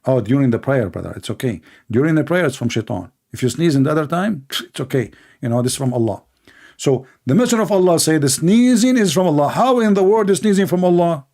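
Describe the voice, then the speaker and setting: A man's voice: fairly high pitch, lively intonation, fast, a little mellow. A man giving mocking, exasperated commentary, sarcastic and laughing. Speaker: religious debate commentator.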